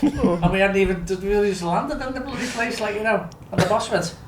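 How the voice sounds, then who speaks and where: His voice sits high and moves at a moderate pace as this Liverpool guest, speaking with a Scouse accent, tells stories in a casual chat. The telling is rambling and full of fillers like "do you know what I mean," captured in an echoey room with faint noise.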